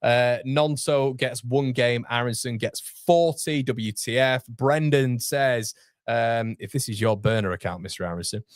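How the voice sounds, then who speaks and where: A man's voice: mid-range voice, fairly even intonation, unhurried, no echo, studio quality. A young man, hosting a casual livestream and chatting through viewer comments with self-deprecating asides. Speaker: host. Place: home streaming studio.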